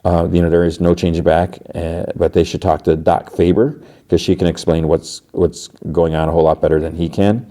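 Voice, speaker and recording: A podcast host with a low, warm, mellow male voice loosely retells a TV episode, his relaxed, conversational delivery trailing off into plenty of "like" and "uh." He talks a little fast with hardly any pauses.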